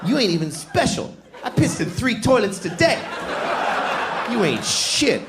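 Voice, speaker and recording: A stand-up comic slips into a high, swooping voice of a crude braggart who sneers at his own toilet. The insults roll out slowly and mockingly over a live crowd. The recording carries steady background noise. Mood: taunting. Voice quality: taunting, insulting, drawn-out delivery. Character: crude man trash-talking his toilet, swaggering and vulgar. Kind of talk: stand-up comedy bit.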